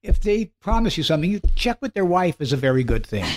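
A man's voice: high voice, big pitch swings, fast talker, darkish tone. A man hosting a podcast interview, making wry, teasing asides. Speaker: podcast host. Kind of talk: casual interview chat.

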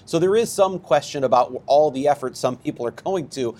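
A man's voice: on the high side, lively intonation, a little fast, mellow. A male co-host talking conversationally, rambling and restarting phrases. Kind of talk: casual news discussion.

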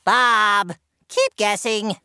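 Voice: medium pitch, fairly even intonation, drawn-out words, bright, forceful tone, clear, resonant tone, no echo, studio quality, heavily acted. A voice actor playing a goofy, cheerful male cucumber who co-hosts a cartoon podcast, teasing and joking. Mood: playful. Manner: jokey, teasing, giggly. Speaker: co-host.

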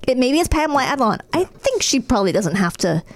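A woman hosting a podcast in casual chat, animated and quick to laugh. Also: high voice.

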